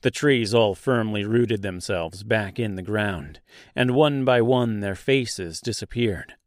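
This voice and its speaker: Slow, measured male audiobook narrator. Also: fairly low pitch, dry recording, studio quality. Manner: measured storyteller reading. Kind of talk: scripted narration.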